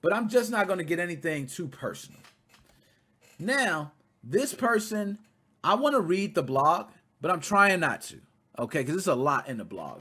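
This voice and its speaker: Lively, bright-voiced man riffing to viewers. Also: fairly high pitch. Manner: animated, blunt and profane, talks straight to viewers. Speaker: commentary channel host. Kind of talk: casual commentary.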